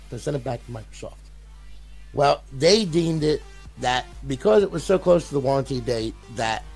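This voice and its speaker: A man's voice: mid-range voice, gravelly, darkish tone, husky. An older man, a console modder, telling a long story in a casual, rambling way, often repeating his words and swearing.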